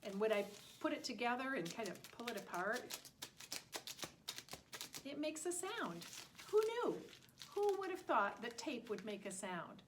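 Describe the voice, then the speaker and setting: Lively sing-song preschool teacher woman. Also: fairly high pitch, moderate pace, noisy background. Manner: sing-song, exaggerated and animated for small children. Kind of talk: lesson for young children.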